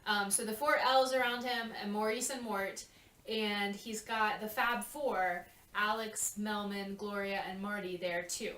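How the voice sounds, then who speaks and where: A woman's voice: mid-range voice, fairly even intonation, measured pace, fairly bright tone. A woman walking a youth cast through a dance routine, chatty and often checking in with "okay?". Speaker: choreographer. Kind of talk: dance walkthrough. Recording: echoey room, mic at a distance.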